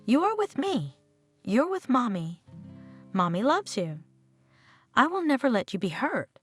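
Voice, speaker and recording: A woman's voice: a little high, very animated, a little slow, faint music behind. A woman reading the lines of an anxious, emotional young mother in a story.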